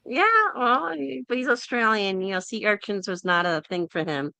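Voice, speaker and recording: A woman's voice: mid-range voice, normal speed, vocal fry, smooth, no echo. A woman hosting a casual group discussion over an online call, telling stories and acting out the people in them. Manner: animated storyteller who acts out quoted people.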